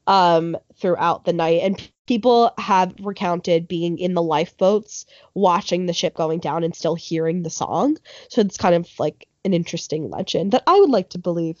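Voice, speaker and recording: A woman's voice: fairly low pitch, moderate pace, a little mellow, no room sound. A woman telling a history story in a casual podcast chat, with lots of ums and likes, and correcting herself as she goes. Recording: dull lo-fi sound.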